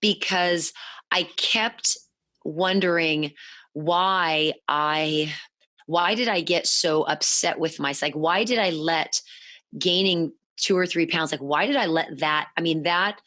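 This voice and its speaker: A woman's voice: sits low, sharp tone, no room sound. Candid woman telling her story, dry sound. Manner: halting, restarts often, quotes her past self. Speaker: podcast guest. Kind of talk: candid conversational interview.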